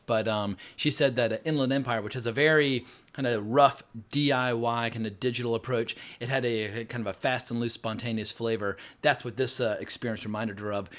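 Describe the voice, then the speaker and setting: Fast-talking frank man reviewing a film. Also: mid-range voice, fairly bright tone. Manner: rambling, frank, with frequent fillers and profanity. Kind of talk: casual spoken film review. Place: home, New York City.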